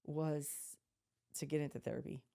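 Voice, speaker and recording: Mellow-voiced woman chatting on a podcast. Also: deep voice, steady tone, normal speed, creaky. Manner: chatty storyteller, frequent fillers and restarts. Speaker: podcast co-host. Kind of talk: casual chat.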